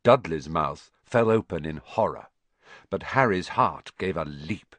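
A man narrating a children's storybook audiobook with an expressive, dramatic reading. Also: low-pitched, unhurried, no room sound.

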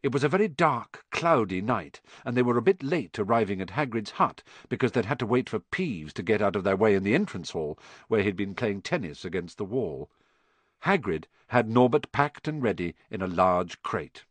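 A man reading a children's storybook aloud in an expressive, measured way. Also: on the low side, no echo. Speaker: audiobook narrator. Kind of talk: scripted storybook narration.

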